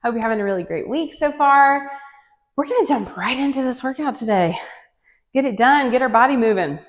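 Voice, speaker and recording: A woman's voice: sits high, animated, fairly quick. Echoey woman coaching a workout. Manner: encouraging, chatty, counts reps aloud. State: out of breath at times. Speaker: fitness instructor. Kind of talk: guided home workout coaching. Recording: long reverb, echoey room.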